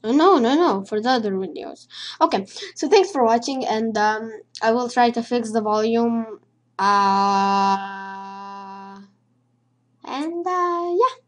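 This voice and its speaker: Brief: a non-native woman gamer with a high voice, slow and jumpy horror playthrough commentary, heavy swearing. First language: not English. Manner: jittery, swears a lot, hums nonsense to stay calm. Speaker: let's play gamer.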